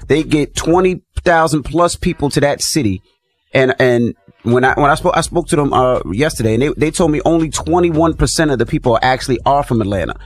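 A man's voice: medium pitch, a little fast, no echo. A male radio host making his point in casual talk, emphatic and repeating himself. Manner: emphatic, repeats words while arguing.

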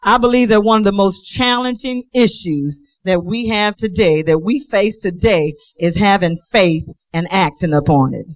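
Brief: woman preacher in a fervent, repetitive sermon, middle pitch, dry recording. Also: normal speed, hardly any pauses, no echo, poor audio. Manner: emphatic, repetitive, call-and-response. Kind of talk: sermon and prayer.

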